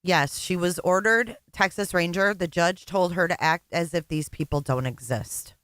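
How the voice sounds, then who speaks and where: A woman's voice: lowish voice, normal speed, fairly bright tone, clear, resonant tone, no echo. A woman co-hosting a casual livestream, blunt and exasperated, swearing freely.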